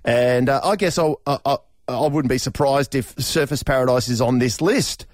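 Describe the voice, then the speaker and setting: A middle-aged Australian man chats on air as a radio host, rambling and restarting his sentences with plenty of fillers. His voice sits at an ordinary pitch, and the studio sound is dry and close. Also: normal speed, darkish tone, no echo. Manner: rambling and chatty, with many fillers and restarts, often laughing. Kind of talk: casual radio chat. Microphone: studio microphone.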